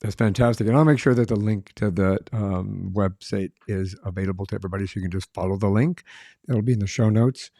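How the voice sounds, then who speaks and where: A man's voice: fairly low pitch, fairly even intonation, brisk, dark tone, no room sound, clean studio sound. A man hosting a podcast, telling easygoing, rambling anecdotes in conversation. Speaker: podcast host. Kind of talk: conversational interview.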